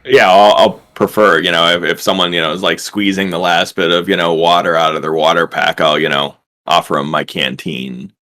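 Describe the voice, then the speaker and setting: A man playing in a tabletop game, talking in a relaxed way with lots of fillers. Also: low voice, a little fast, hardly any pauses. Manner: relaxed, filler-heavy speech. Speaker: player. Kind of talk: casual tabletop game play.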